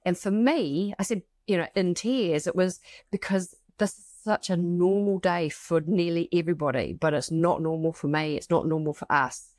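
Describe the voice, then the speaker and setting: A woman's voice: lowish voice, moderate pace, a little mellow, dry recording, studio quality. A middle-aged woman co-hosting a heartfelt conversation, reading passages aloud and reflecting on her own experiences. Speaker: podcast co-host. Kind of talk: casual emotional conversation.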